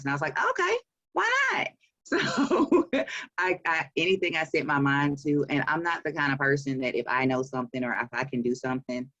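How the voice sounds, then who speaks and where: A woman's voice: extremely low pitch, fairly bright tone, no room sound, dull audio. A woman in her forties with a Southern US accent, an author talking about her work in a casual interview, chatty and laughing often. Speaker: author and publisher.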